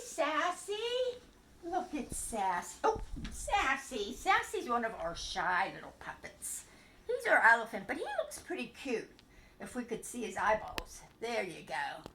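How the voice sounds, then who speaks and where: Older woman, grandmotherly storyteller talking to puppets. Bright, sing-song voice in an echoey room. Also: on the high side, a little hiss or hum. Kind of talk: children's bedtime story show.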